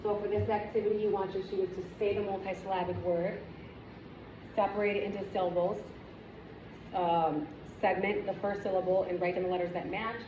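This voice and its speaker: A woman reading teacher giving a demonstration lesson, with clear, encouraging, step-by-step instructions and asides to other teachers. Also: mid-range voice, little pitch movement, a little fast. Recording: echoey room, dull and noisy sound.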